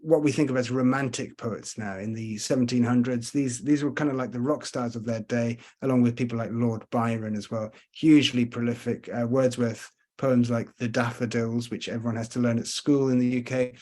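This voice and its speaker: A man's voice: mid-range voice, fairly even intonation, darkish tone. Chatty man giving a virtual tour. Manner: chatty, rambling, frequent pauses to think. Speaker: tour guide. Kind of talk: virtual tour talk over slides.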